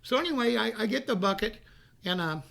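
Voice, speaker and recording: A man's voice: high voice, expressive, a little fast, vocal fry, bright, forceful tone. A man telling a rambling, folksy childhood story, often repeating himself. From North Carolina. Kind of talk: casual storytelling.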